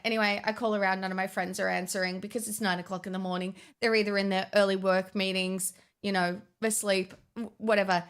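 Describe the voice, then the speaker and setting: A woman's voice: mid-range voice, steady tone, normal speed, fairly bright tone. A young woman, chatting casually as a vlogger, swearing often and restarting her sentences. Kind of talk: casual storytime chat.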